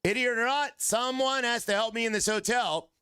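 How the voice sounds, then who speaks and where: A man's voice: moderate pace, smooth, no room sound, clean studio sound. A man reading aloud as a gold-rush hotel owner who scorns miners. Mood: scornful. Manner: reading game dialogue aloud, lively swings in pitch.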